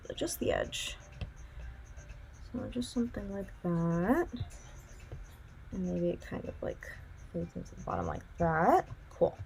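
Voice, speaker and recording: A woman's voice: fairly low pitch, wildly swooping pitch, a little slow, creaky, long pauses, darkish tone, husky. A young woman teaching digital drawing, talking casually and thinking aloud as she works. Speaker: art instructor. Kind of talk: casual drawing tutorial narration.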